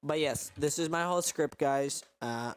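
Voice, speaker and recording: A man's voice: fairly high pitch, moderate pace, smooth. A young man hosting a casual stream from his bedroom on a headset, explaining his code in a loose, rambling way. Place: home bedroom.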